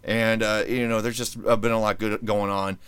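A man's voice: fairly low pitch, level tone, normal speed, a bit bright, clear, resonant tone, no room sound. A man hosting his own podcast in casual chat, rambling and joking as he restarts his sentences. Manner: rambling, self-interrupting, joking. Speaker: podcast host.

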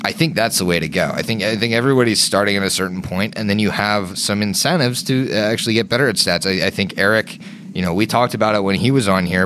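A man's voice: fairly low pitch, quick pace, fairly bright tone, a little hiss or hum. A man co-hosting a tabletop gaming podcast and explaining how he runs his games, in loose casual chat with a lot of swearing. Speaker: podcast co-host and game master.

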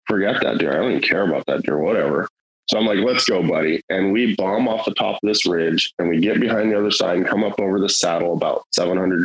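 A man's voice: sits low, breathy edge, rough recording. A middle-aged man telling a hunting story in casual, rambling, earnest talk, with many fillers and restarts.

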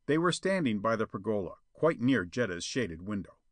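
A man reading a pulp adventure tale aloud as narrator, with an expressive storytelling manner. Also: fairly low pitch, normal speed, no echo.

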